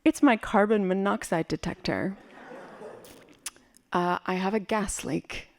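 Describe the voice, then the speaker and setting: A woman from West Berlin performing a personal story live, in an animated, vivid and playful way. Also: medium pitch, takes it slowly, gravelly. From West Berlin, Germany.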